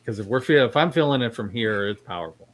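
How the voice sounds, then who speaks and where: A man's voice: mid-range voice, lively intonation, quick pace. A man playing a tabletop game, thinking aloud in a hesitant, casual way. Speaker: player.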